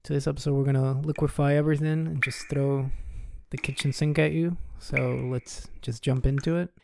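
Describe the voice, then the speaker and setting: A man's voice: fairly high pitch, steady tone, fairly quick, gravelly, background noise. A man hosting a podcast, telling a story in a loose, conversational way and chuckling as he goes. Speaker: podcast host. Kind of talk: casual storytelling monologue.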